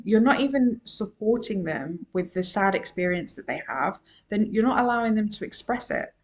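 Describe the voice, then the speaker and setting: A woman and emotional wellbeing coach giving a solo podcast monologue. She talks in an earnest, emphatic way and repeats her key phrases. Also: medium pitch.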